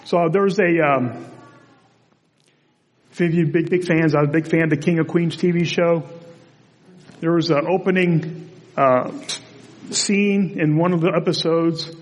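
A man delivers a relaxed, conversational sermon, telling stories in a chatty pastor's manner. His voice sits a little on the high side. The sound carries a long reverb from a church sanctuary. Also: a little slow, long pauses.

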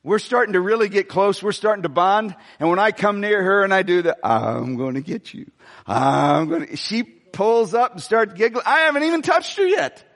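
An older man preaching a sermon as pastor, emphatic and folksy, with sudden swings in pitch. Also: expressive, brisk, hardly any pauses, fairly bright tone, in a large hall. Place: church sanctuary.

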